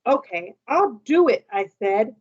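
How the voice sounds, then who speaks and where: A woman's voice: a little high, measured pace, slightly rough, muffled recording. A woman teacher reading a children's novel aloud to her class, bringing the dialogue to life. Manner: lively, voices the characters' dialogue.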